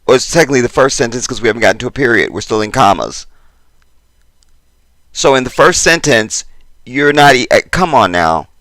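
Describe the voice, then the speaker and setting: A man giving a casual commentary to his viewers, exasperated and chatty, jumping between loud emphasis and muttered asides. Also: mid-range voice, animated, brisk, long pauses, no echo. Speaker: YouTube commentator.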